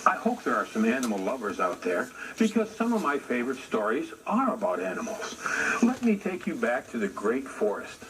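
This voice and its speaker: A man telling a traditional animal story in an unhurried way, speaking directly to his listeners, in a noisy recording. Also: medium pitch, wildly swooping pitch. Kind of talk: oral storytelling for an audience.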